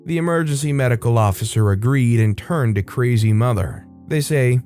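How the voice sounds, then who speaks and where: A man's voice: medium pitch, lively intonation, moderate pace, hardly any pauses, a little mellow, faint music behind. A man reading a story aloud in scripted narration.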